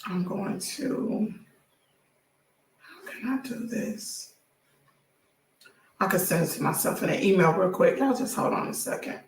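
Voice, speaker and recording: A hoarse woman hosting a casual gossip livestream, chatting straight to her viewers. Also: medium pitch, lively intonation, a little slow, pauses often, reverberant, recorded from a distance, a little hiss or hum. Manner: chatty, addresses viewers directly as y'all. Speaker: celebrity gossip livestream host.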